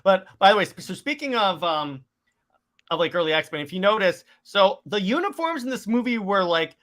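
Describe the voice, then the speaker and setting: Bright-voiced young man, eager podcast co-host. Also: sits high, sing-song, moderate pace. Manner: enthusiastic, rambling with many restarts. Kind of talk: casual movie review chat.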